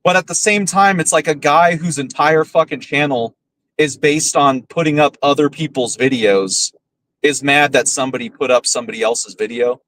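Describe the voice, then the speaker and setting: A man's voice: fairly high pitch, normal speed, a bit bright, low-quality recording. A man hosting a podcast, ranting bluntly and profanely with scorn. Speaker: podcast host. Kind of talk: casual ranting commentary.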